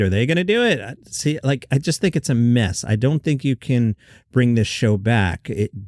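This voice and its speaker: Male comedy-news host, sarcastic and incredulous, very animated pitch. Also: dry recording, studio quality.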